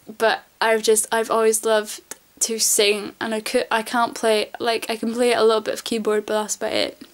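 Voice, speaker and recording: A woman's voice: fairly high pitch, completely flat delivery, moderate pace. A woman vlogging in a casual, rambling chat to camera, gushing about things she loves and swearing casually.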